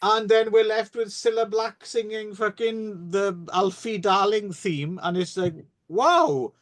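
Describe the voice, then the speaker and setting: A man's voice: high-pitched, unhurried. A British man co-hosting a podcast, reviewing a film in casual, wry chat and swearing freely. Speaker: podcast co-host.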